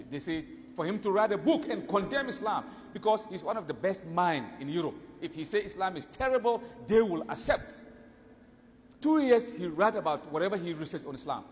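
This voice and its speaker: A man telling a story in a sermon, with animated delivery that rises and drops for the people he quotes. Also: high-pitched, in a large hall, slight background noise. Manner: animated storytelling, voice rising and dropping for quoted speech. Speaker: preacher.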